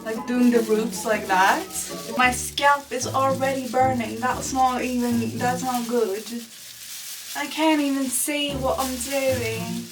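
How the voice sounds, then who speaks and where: Late at night at home, a young woman vlogs casually to camera in a high, steady voice, speaking slowly. She swears constantly in a frustrated, self-mocking way. The mic is distant, with music behind her.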